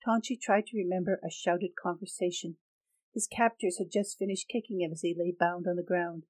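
Woman reading a dark fantasy audiobook, lowish voice, dry close sound. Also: fairly even intonation, normal speed, dry recording, rough recording. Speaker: narrator.

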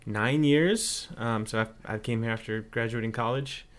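A man's voice: mid-range voice, moderate pace, a bit bright. A young man, a band member, chatting casually and playfully in an interview about joining the group. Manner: playful, slips into joke accents. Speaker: band member, new guitarist.

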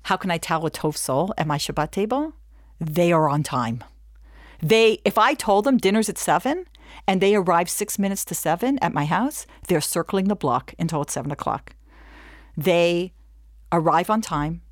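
A middle-aged woman teaching a webinar in an animated, chatty way, slipping into quick snatches of dialogue. Her voice sits on the low side for a woman. The recording is close and dry, with no room sound. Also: no echo. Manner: animated, acts out little dialogues with laughs. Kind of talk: lively talk to an audience.

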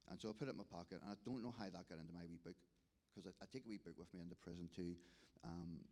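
A man's voice: low-pitched, rapid-fire, mellow. A man with a Northern Irish accent telling a church testimony story, acting out the dialogue with frequent restarts. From Northern Ireland. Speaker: restorative justice volunteer giving testimony.

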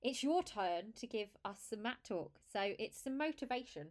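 A woman's voice: a little high, lively intonation, moderate pace. A woman hosting a podcast, leading a casual interview with fillers and restarted phrases. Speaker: podcast host.

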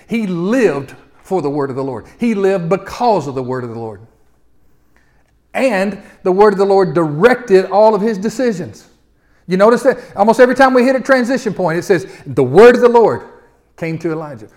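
High-voiced preacher, loud and soft by turns. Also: male voice, animated, normal speed. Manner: swings from loud, emphatic exhortation to low, quiet reflection; repetitive, call-and-response delivery with stutter-starts. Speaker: pastor. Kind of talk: sermon.

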